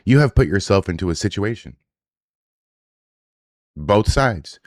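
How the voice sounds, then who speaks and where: Low-voiced man doing blunt reaction commentary. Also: animated, measured pace, a little mellow, dry recording, studio quality. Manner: blunt, profane, sarcastic.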